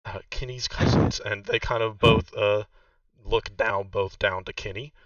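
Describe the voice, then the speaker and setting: A man's voice: lowish voice, a little slow, distant mic, highs cut off, heavy background noise. A man narrating a tabletop game as game master, hesitant and full of fillers. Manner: hesitant, many fillers, relaxed.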